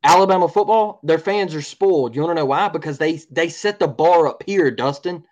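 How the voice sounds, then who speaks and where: A man's voice: a little high, fairly quick, darkish tone, muffled recording. A man co-hosting a sports podcast, ranting in a heated, repetitive way and often asking "all right?". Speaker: podcast co-host.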